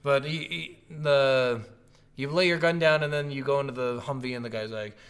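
A man's voice: medium pitch, steady tone, normal speed, fairly bright tone. A man in casual chat about a video game, rambling and swearing often, acting out quotes as he goes. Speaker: co-host discussing a video game.

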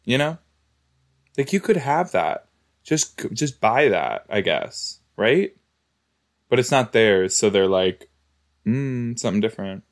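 A man's voice: on the low side, very animated, slow pace, long pauses. Chatty man reacting to a show. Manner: chatty, exclamatory, talks back to the screen. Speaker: reaction video host. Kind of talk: casual reaction commentary.

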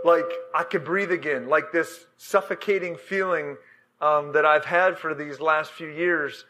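Bright high-voiced man preaching. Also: very animated, slight background noise. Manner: halting and emotional, many fillers and restarts. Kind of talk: sermon storytelling.

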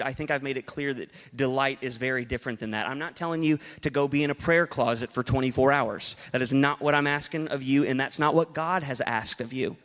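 A man's voice: mid-range voice, fairly quick, a bit bright, big-room sound. A male pastor preaching a sermon to a congregation, emphatic and rhetorical, with playful asides to the room. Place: church hall before a congregation.

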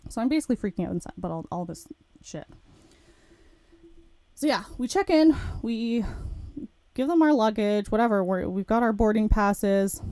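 A woman's voice: mid-range voice, warm tone, clear, resonant tone, no echo. A woman podcast host telling a personal story in a candid, frank way, swearing casually.

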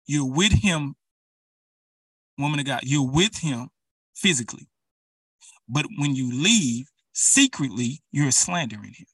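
A man's voice: medium pitch, animated, a little slow, pauses often, a bit bright, slightly rough, dry recording, distant mic. A man preaching an urgent, emphatic sermon, speaking straight to his listeners.

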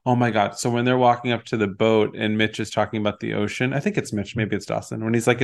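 A man's voice: fairly low pitch, steady tone, a little fast, creaky, hardly any pauses. A man co-hosting a podcast, chatting casually and animatedly while recapping a TV episode and quoting its scenes. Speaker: podcast co-host.

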